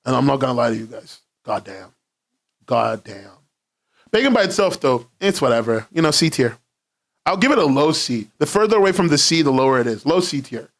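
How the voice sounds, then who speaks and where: A man's voice: mid-range voice, big pitch swings, brisk, gravelly. A young man streaming from his home in London, rambling casually, laughing often and swearing freely.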